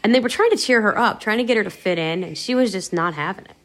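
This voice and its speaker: A woman's voice: medium pitch, quick pace, a bit bright. A woman podcast host casually retelling a radio episode in a rambling, conversational way. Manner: rambling, conversational, many "you know" fillers.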